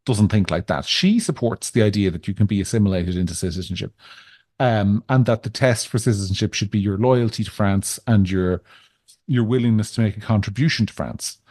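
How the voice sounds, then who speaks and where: A man's voice: on the low side, brisk, darkish tone, no echo. A man with an Irish accent co-hosting a podcast, talking in a discursive, wry way with frequent restarts. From Ireland. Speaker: podcast co-host. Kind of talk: casual political chat.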